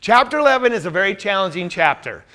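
A man's voice: high-pitched, sing-song, fast, bright, forceful tone. A man teaching a Bible class, quizzing his listeners with questions and then answering them himself.

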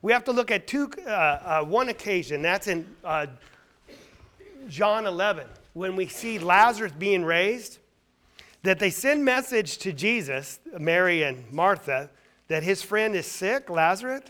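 Emphatic high-voiced male preacher. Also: lively intonation, unhurried. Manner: emphatic, asks rhetorical questions; swings between loud stress and quiet asides. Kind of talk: sermon.

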